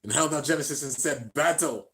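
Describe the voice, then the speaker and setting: A man giving excited, slangy play-by-play commentary while reacting to an anime, shouting out at the big moments. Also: mid-range voice, normal speed.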